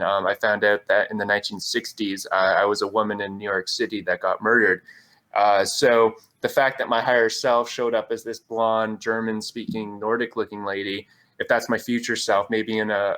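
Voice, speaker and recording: A man's voice: lowish voice, fairly bright tone. A man guest on a call-in talk show, telling a personal story in a rambling way with many "like" fillers. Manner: rambling, heavy use of "like" fillers.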